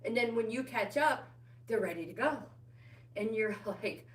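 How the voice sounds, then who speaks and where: Hosting a fitness livestream, this middle-aged woman coaches a walking workout, calling out viewers by name in a friendly, encouraging way, a bit breathless. She speaks at a measured pace in a mid-range voice, recorded with roomy indoor echo.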